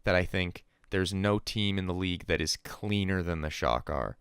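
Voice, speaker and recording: A man's voice: low-pitched, moderate pace, vocal fry, fairly bright tone, smooth, no echo, clean studio sound. A young man hosting a casual esports podcast, chatting over a call and quoting people in playful voices. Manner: chatty, quotes people with put-on voices, laughs often. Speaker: podcast host. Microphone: call recording with a remote co-host.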